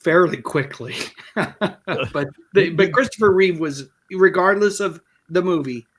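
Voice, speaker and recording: Slightly high-voiced podcast host. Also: male voice, measured pace, fairly bright tone, slight background noise. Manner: conversational, reads viewer messages aloud. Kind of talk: casual chat.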